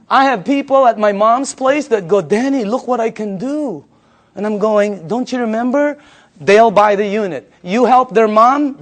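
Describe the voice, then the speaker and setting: A man in his fifties pitches a business to a live crowd in a high, lifted voice. He tells animated stories and echoes each answer from the room back to his listeners. He talks like a seasoned salesman. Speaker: sales presenter.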